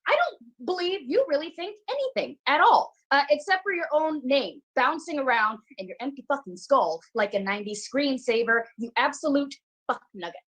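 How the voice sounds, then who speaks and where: A woman's voice: high-pitched, lively intonation, moderate pace, few pauses, a bit bright, low-quality recording. An actress playing a foul-mouthed, abrasive young actress who hurls insults at her castmates in a comedic video-call drama. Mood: scornful. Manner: insulting, profane and scornful.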